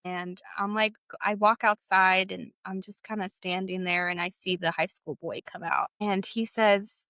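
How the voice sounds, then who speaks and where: A young woman sharing a painful personal story, halting and emotional, with frequent fillers. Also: mid-range voice, fairly even intonation, bright, forceful tone, no echo, studio quality. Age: young adult.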